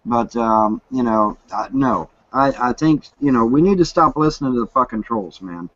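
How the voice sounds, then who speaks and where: A man of middle pitch hosts an online voice chat, talking firmly and bluntly. He hammers the same point again and again with casual swearing. His voice sounds dry and a little dull, as on a lo-fi connection. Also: normal speed, fairly bright tone, dry recording. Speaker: chat room host.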